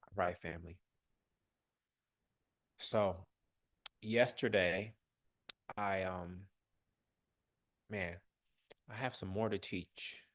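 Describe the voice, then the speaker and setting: A man's voice: deep voice, fairly even intonation, very slow, pauses often, a bit bright. A man hosting a live online coaching session, giving direct, coaxing instructions with casual slang. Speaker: workshop host.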